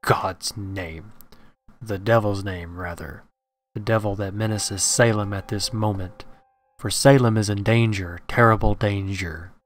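A man voicing a grave male occult scholar who warns calmly and solemnly in a read-aloud horror story. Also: fairly low pitch, unhurried, a little hiss or hum, close to an everyday voice. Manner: calm, solemn warning.

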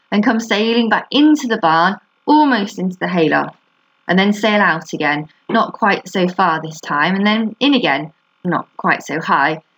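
A woman teacher reading a children's book aloud to a class, steady and expressive. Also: mid-range voice, low-quality recording.

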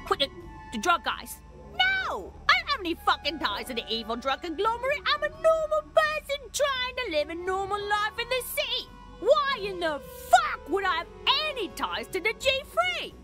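Jackie T Pooperton, shrill rude alien. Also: female voice, exaggerated voice. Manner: snappy, rude, swearing. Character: hostile, foul-mouthed alien city dweller.

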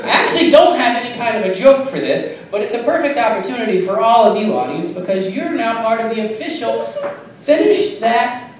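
Brief: man comic, high voice, deadpan puns, filmed on a phone far back in an echoey bar. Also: fairly quick, background noise. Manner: deadpan, punny, giggling at own jokes. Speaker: stand-up comic. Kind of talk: absurdist stand-up set. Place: small bar stage. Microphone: phone camera.

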